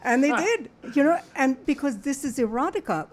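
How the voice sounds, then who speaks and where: A woman's voice: high voice, expressive, normal speed, crowd noise. A woman with an accent, a guest author talking playfully on a talk show. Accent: foreign accent. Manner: playful, flirty, laughs often. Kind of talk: casual talk show interview.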